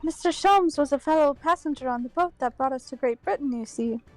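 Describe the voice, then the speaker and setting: A woman's voice: high voice, darkish tone, faint music behind, voice pushed up, close to an everyday voice, rough recording. A woman reading game dialogue aloud, voicing a polite, formal young female legal assistant. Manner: formal, courteous and measured.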